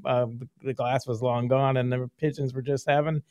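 A man's voice: medium pitch, little pitch movement, normal speed, darkish tone, clean tone, dry recording. A middle-aged man hosting a casual interview, rambling and laughing often as he reminisces. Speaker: podcast host, former filmmaker.

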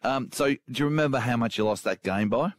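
A man, a podcast co-host, trading dry teasing one-liners and deadpan asides. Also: mid-range voice, fast, no echo.

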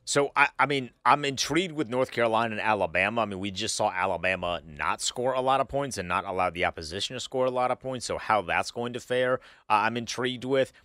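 Lower-voiced bright man, eager co-host. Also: fast talker, hardly any pauses, dry recording, clean studio sound. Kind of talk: casual sports chat.

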